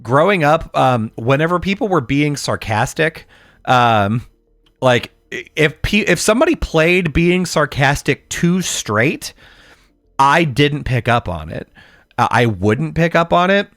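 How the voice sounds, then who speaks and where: Animated, rambling podcast man, dry mic. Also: on the high side, unhurried, no room sound. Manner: rambling, many fillers, swears, gets loud and animated. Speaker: podcast co-host. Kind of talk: casual storytelling chat.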